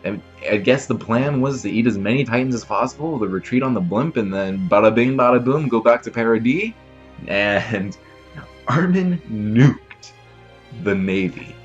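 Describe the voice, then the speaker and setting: A man's voice: medium pitch, normal speed, breathy edge, dull audio, soft background music. A man hosting a reaction channel, recapping an episode in a casual, rambling way with lots of fillers. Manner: animated, rambling retelling with many fillers.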